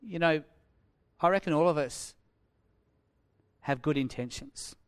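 Male pastor, sermon, lively storytelling, voice a touch high. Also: unhurried, clear, resonant tone. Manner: animated storytelling, swinging from loud to hushed.

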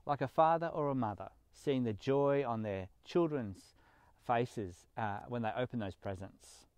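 A man's voice: medium pitch, a little slow, darkish tone, clean tone, no echo. Earnest man preaching. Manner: earnest, emphatic preaching with rising stresses. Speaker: pastor. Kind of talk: sermon.

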